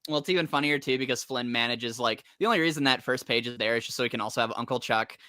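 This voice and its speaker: A man co-hosting a casual comic-book chat, relaxed and swearing freely. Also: medium pitch, fast, dry recording, clean studio sound.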